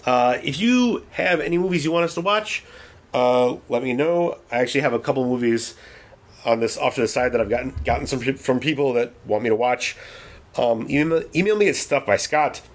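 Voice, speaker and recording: A man co-hosting a casual movie podcast, swearing freely and retelling scenes in an animated way. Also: mid-range voice, brisk. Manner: profane, animated retelling with put-on voices. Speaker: podcast co-host. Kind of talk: casual movie review chat.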